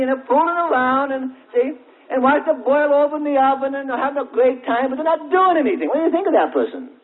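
A man with a very high-pitched voice delivers a sermon, leaning on folksy everyday stories and stretched-out, pointed questions. The sound is thin and tinny, as if carried over a narrow phone-like line. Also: animated. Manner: folksy storytelling with everyday examples; drawn-out, emphatic questions. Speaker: preacher. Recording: tinny, narrow-band old recording.

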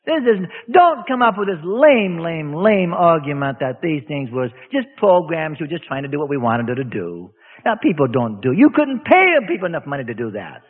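A man's voice: a little high, big pitch swings, normal speed, slightly rough. A man preaching a sermon as a pastor, emphatic and folksy, arguing his point with his listeners. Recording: tinny radio broadcast with long hall reverb.

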